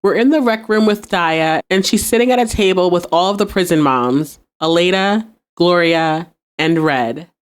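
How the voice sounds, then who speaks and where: A young woman with a slightly low voice talks through a TV episode for her podcast. She keeps things casual and animated. She laughs easily and slips into the characters' lines as she goes. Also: moderate pace, clean tone. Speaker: podcast host recapping a TV episode. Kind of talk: casual recap with acted-out quotes.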